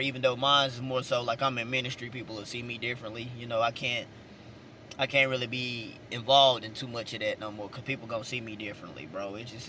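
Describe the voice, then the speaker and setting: There's slight background noise as a Southern-accented man talks casually in his car, his medium-pitched voice pushed and bright. The vlogger and minister rambles through a story, repeating words and chuckling between points.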